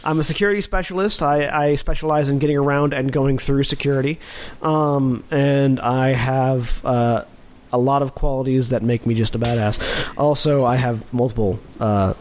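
A man's voice: mid-range voice, darkish tone, a little hiss or hum. Stammering, joking man at the game table. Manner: halting, many fillers and restarts, jokey. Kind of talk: casual in-character introduction.

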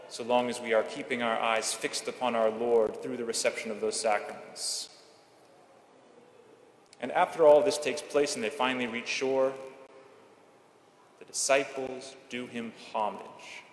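A man preaches a homily at Mass in a measured, earnest way, slowing down for emphasis. His voice sits at an ordinary pitch. It rings through a large church with a long reverb, over a faint hum of the room. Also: fairly even intonation. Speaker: Catholic priest.

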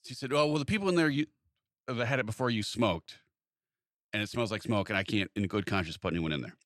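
Man, casual storyteller, talks fast, dry close mic. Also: fairly low pitch, no echo. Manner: animated anecdote-telling, acts out quoted exchanges. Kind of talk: casual chat.

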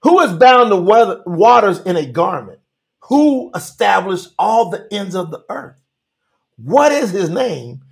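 Lively high-voiced male preacher. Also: creaky. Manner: animated, calls out to chat viewers by name; Southern-style 'y'all' address, drawn-out emphatic reading. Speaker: preacher on a live stream. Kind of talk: livestream sermon reading scripture.

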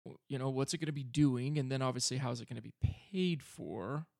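A man's voice: medium pitch, a little fast, creaky, darkish tone, no echo, clean studio sound. A man co-hosting a finance podcast in a casual, rambling way, his voice sounding slightly robotic. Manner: loose, rambling explanations. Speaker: podcast co-host.

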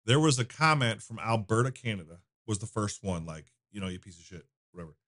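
A man's voice: on the low side, animated, fast, fairly bright tone. A man in his thirties, a donut shop owner, talking casually as a podcast guest with loose storytelling full of fillers and restarts. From United States. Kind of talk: casual conversation.

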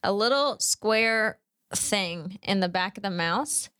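A woman's voice: medium pitch, expressive, slow, bright, forceful tone, dry recording, studio quality. A woman co-hosting a podcast, chatting casually and rambling through a story with many fillers and restarts. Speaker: podcast co-host. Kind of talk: casual chat.

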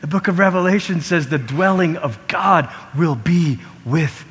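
A man preaching a sermon, talking in an animated way and acting out quoted voices with big swings. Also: fairly high pitch, unhurried. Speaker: pastor. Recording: long reverb of a large hall.

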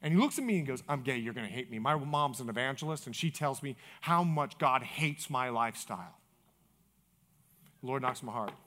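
A man preaching at a men's breakfast, telling a story with animated swings between loud bursts and hushed whispers. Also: mid-range voice, a little fast. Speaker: pastor. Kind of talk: sermon storytelling.

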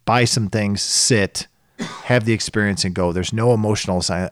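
Brief: man co-host, animated talker who acts out quotes, dry close mic. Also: lowish voice, a little fast, no room sound. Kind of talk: casual chat.

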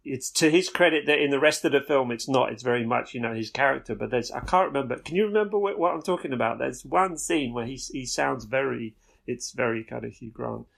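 A man's voice: mid-range voice, a little fast, gravelly, fairly bright tone. A man co-hosting a podcast, chatting casually about films and rambling with many restarts. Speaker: podcast co-host. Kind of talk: casual film chat.

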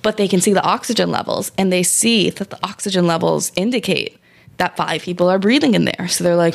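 A woman's voice: fairly low pitch, brisk, gravelly. A young woman casually retelling a horror story on a podcast, rambling and swearing, with many likes. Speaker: podcast co-host.

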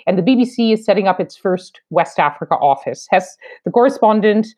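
A woman in her fifties from eastern Canada, a foreign correspondent with a Canadian accent, speaking in a measured, wry, reflective way in an interview. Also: mid-range voice, lively intonation, a little mellow. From New Brunswick, Canada. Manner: measured, wry, deliberate phrasing. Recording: slightly dull lo-fi sound.

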